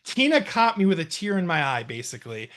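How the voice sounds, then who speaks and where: A man's voice: sits high, sing-song, a little fast, fairly bright tone, slight background noise. A man co-hosting a casual live-stream chat, joking and crude in a playful way. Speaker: co-host.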